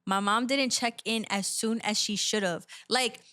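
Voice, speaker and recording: A woman in a relaxed podcast conversation, with a bright, fairly high voice. She tells stories with lots of animation, jumps into voices and swears freely. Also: a little slow. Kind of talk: casual chat.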